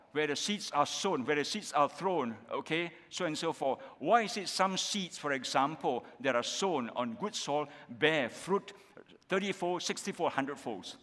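A man's voice: fairly high pitch, fairly bright tone, big-room sound. A man with a Malaysian accent preaching a sermon as pastor, emphatic and repetitive, often tagging his points with "isn't it?" and "okay?". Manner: emphatic, repetitive, with frequent tag questions.

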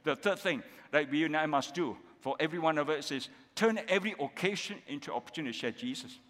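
A man's voice: a little high, fast talker, a bit bright. Malaysian guy pastor giving a sermon, keeps saying okay and isnt it, big echoey hall. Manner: emphatic, repetitive, with frequent tag questions.

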